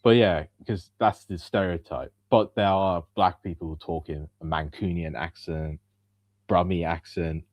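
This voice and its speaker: A man with a standard Southern English accent talks as a guest on a podcast. His voice is low and his sound is dry. He chats in an easygoing way, with plenty of "you know" and "like". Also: steady tone, unhurried, no room sound, dull audio. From England. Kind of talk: casual chat.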